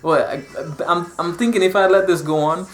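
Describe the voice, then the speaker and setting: A young man from Dominica tells stories in a casual, animated vlog, often repeating words and acting out what people said. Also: high voice, moderate pace, roomy sound. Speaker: vlogger.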